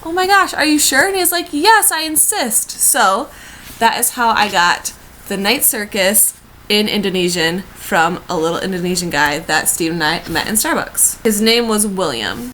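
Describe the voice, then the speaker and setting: A woman's voice: mid-range voice, pushed and bright, slight background noise, rough recording. A woman in her twenties from the United States, sick and chatting from her bed in a gushing, chatty book vlog. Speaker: book vlogger. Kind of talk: casual vlog chat. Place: in bed at home.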